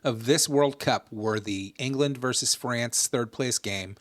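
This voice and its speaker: A man's voice: mid-range voice, a little slow, no echo. A man co-hosting a gaming podcast, chatting casually and ranting with lots of profanity. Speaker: podcast co-host. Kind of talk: casual chat.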